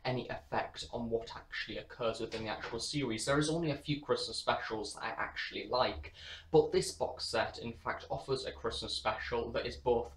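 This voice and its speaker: A man's voice: medium pitch, fairly quick, reverberant, poor audio. A man giving a spoken review of an audio drama, talking steadily and often saying "in fact". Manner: flat, steady delivery with frequent "in fact".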